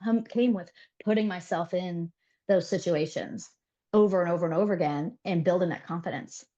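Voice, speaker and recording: A woman in her thirties telling stories in a casual interview, animated and laughing, full of fillers. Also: lowish voice, normal speed, muffled recording. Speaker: interview guest. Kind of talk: casual chat.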